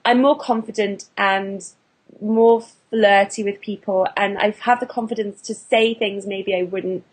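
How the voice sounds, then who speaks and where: A British woman talks animatedly about her stage work, circling back and restarting her thoughts as she goes. Her voice sits at an ordinary middle pitch for a woman. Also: a little slow. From England. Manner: chatty, lots of restarts and fillers, animated. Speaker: burlesque performer and actor, interview guest. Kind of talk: casual interview chat.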